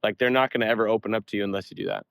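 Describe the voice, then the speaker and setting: A man's voice: fairly low pitch, steady tone, rapid-fire, vocal fry, a bit bright, clean tone, no room sound. A man, a sales veteran guest on a call-in interview, talking casually and often tagging "like" and "right?". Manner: casual, peppers talk with "like" and "right?"; acts out doorstep exchanges.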